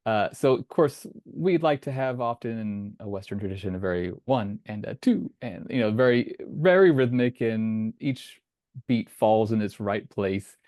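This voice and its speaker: A man's voice: lowish voice, lively intonation, moderate pace, darkish tone, no room sound, clean studio sound. A man hosting an interview, asking questions and thinking aloud with hesitant rephrasing over a video call. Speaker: podcast host.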